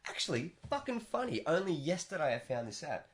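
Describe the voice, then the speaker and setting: A man's voice: on the high side, big pitch swings, brisk. A man co-hosting a casual podcast, telling stories and acting out both sides of an argument in raised voices. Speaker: podcast co-host. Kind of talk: casual chat. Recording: stereo podcast mic.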